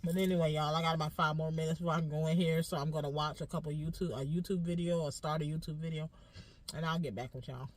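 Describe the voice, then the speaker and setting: A woman's voice: deep voice, steady tone, quick pace. A congested woman nurse chatting casually and directly to her viewers, trailing off and restarting often. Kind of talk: casual vlog talk to viewers. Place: inside a car. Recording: distant mic, loud car noise.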